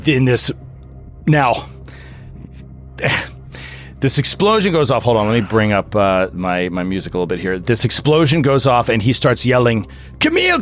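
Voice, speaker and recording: A man running a horror tabletop game as game master over a video call, telling the scene vividly with fillers and restarts. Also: medium pitch. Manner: vivid storytelling with fillers and restarts, bursts into loud sound effects.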